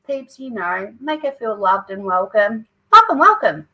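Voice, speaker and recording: A woman's voice: fairly high pitch, big pitch swings, measured pace, bright, forceful tone, low-quality recording. A woman with an Australian accent hosting a live craft stream, chatting and reading out viewer comments. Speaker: craft channel host.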